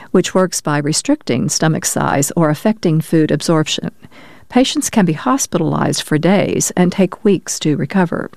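A woman reads science news in a steady, measured way. Her voice sits low, and the recording is dry and close with no room sound. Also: dry recording. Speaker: news reader. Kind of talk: scripted news narration.

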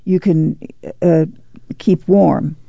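A woman's voice: low voice, steady tone, extremely slow, gravelly, dark tone, husky, no room sound, exaggerated voice. Reader voicing a firm, weary farm mother. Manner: firm, commanding rural drawl. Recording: dull, dry lo-fi audiobook.

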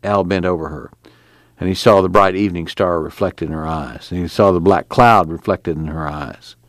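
A man narrating an audiobook with expressive storytelling. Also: deep voice, normal speed, dry recording.

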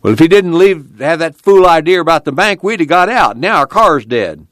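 A man reading aloud voicing an enraged rural man in an audiobook, shouting in coarse country speech. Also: on the high side, lively intonation, normal speed, no room sound, studio quality, voice pushed up, natural voice. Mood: angry. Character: furious man shouting to force his way in.

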